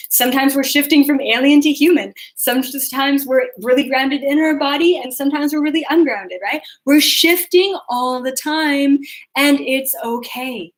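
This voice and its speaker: A young adult woman hosting a spiritual live video, talking casually with lots of fillers and acting out her own thoughts in quotes. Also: high voice. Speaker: spiritual podcast host.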